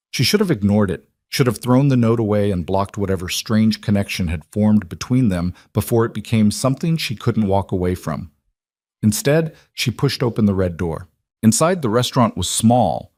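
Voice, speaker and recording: A man narrating a scripted story in a measured, steady way. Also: fairly low pitch, no echo, studio quality.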